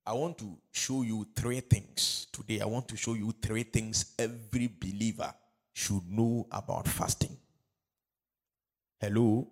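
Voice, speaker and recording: A male pastor, his voice sitting a little low, preaches a sermon. He repeats key phrases and throws questions back to the congregation, and he stretches words out loudly for emphasis. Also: fairly even intonation, unhurried. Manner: call-and-response, repeating phrases, building to loud emphatic preaching.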